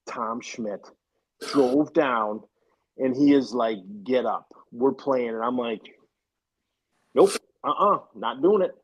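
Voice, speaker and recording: A man tells anecdotes in relaxed conversation, acting out the lines of the people in his stories. His voice sits at a middling pitch and keeps moving forward. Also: highs cut off. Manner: lively, acts out quoted dialogue. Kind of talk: casual storytelling chat.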